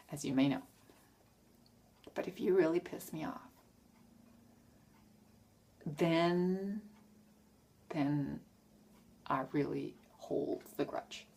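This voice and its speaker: A woman's voice: low-pitched, darkish tone, slightly rough. A woman casually answering tag questions in a frank, rambling way, often correcting herself. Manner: frank, self-correcting, trails off.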